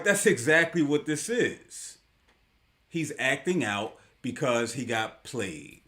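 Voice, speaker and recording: A man's voice: medium pitch, lively intonation, slow pace, fairly bright tone. A man hosting a live online talk show, giving casual commentary in an emphatic, slangy way and repeating his points for effect.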